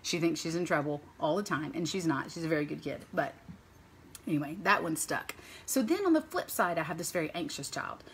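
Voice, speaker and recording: A woman in her thirties, a mother, chats to camera in a casual vlog. Her voice sits a little low, and she rambles from one thought to the next. A faint hiss of noise runs under the recording. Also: lively intonation, a little fast. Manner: chatty and rambling, stringing thoughts with "and so". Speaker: mother sharing parenting stories.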